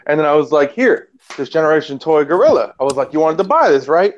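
A man with a lively, profane, laughing way of talking, telling a casual story on a podcast and acting out what others said. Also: fairly high pitch, fast. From Canada. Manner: animated, profane, laughs often, acts out quotes. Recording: dull lo-fi sound.

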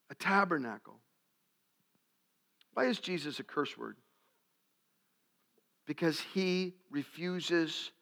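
A man preaching a sermon to a congregation, animated and jokey, acting out little scenes. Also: sits high. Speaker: pastor.

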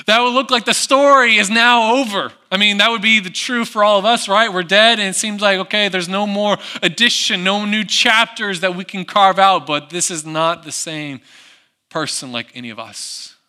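A man preaching a sermon, who acts out the people in the story and drops to a hush on reflective lines. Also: high voice, moderate pace, clear, resonant tone. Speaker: pastor.

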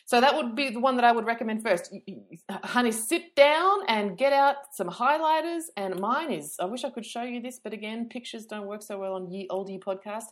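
A woman's voice: mid-range voice, a little fast, few pauses. A woman hosting a podcast, talking in a chatty, rambling way, full of fillers and self-mockery. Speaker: podcast host and yoga teacher. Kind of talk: casual podcast chat.

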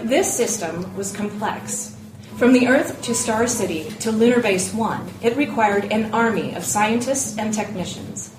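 A woman reading a science-fiction story aloud as a guest narrator, in a steady, matter-of-fact way. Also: medium pitch. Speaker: guest reader. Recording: echoey room from a distance with faint noise.

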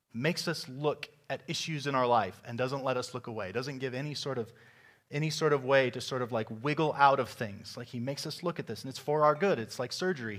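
A young adult man preaching a sermon as a pastor, telling a story with sudden loud emphasis. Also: mid-range voice.

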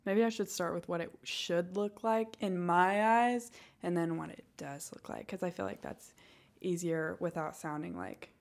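A woman's voice: lowish voice, moderate pace. A woman with a Northwest Arkansas accent, chatting casually and giggling often, thinking aloud with many fillers. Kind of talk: casual podcast chat.

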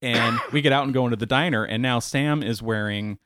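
A man's voice: mid-range voice, brisk, a bit bright, no echo, clean studio sound. A man on a podcast, casually telling a long story with many fillers and restarts. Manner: rambling, lots of fillers and restarts.

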